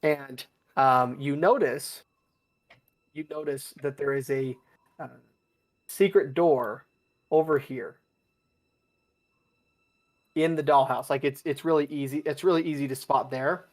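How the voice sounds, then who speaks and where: A man running a tabletop game as game master, describing scenes in a halting way with frequent restarts. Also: mid-range voice, fairly even intonation. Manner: halting, with many restarts and fillers.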